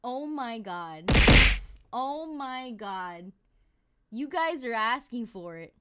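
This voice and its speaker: A woman streamer chatting casually with her viewers, telling stories in an animated, exclamatory way. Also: a little high, slow, clear, resonant tone.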